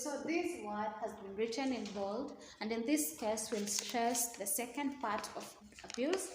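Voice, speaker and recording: A woman's voice: a little high, unhurried, few pauses. A woman teaching an exam revision lesson, explaining step by step and repeating key words. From Kenya. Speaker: English teacher. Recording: echoey room with faint noise.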